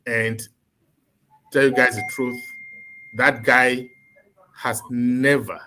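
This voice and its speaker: A man's voice: medium pitch, steady tone, slow pace, pushed and bright, a little hiss or hum. A man speaking earnestly and with emphasis as a guest in an online panel discussion.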